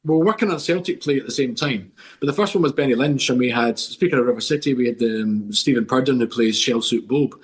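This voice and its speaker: Middle-aged scottish guy on a podcast, rambling excited stories, keeps restarting, mid pitch. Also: fast. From Scotland. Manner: enthusiastic rambling storyteller with many restarts. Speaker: guest. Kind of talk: casual podcast chat.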